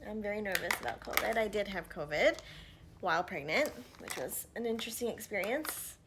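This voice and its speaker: A woman in her thirties talking casually to camera while doing her makeup at home, chatty with frequent fillers and soft murmured asides, a little out of breath. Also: mid-range voice, animated, fairly quick, noisy background. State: slightly out of breath from pregnancy. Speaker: vlogger. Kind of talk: casual get-ready-with-me chat. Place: at home, indoors.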